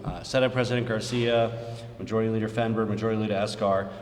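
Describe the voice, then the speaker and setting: A man with a fairly low voice gives press conference remarks as a governor, plain-spoken and dotted with fillers. His voice rings through a large room with a long reverb trailing after each phrase. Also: steady tone, quick pace, slight background noise. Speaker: state governor. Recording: roomy, long reverb from the hall.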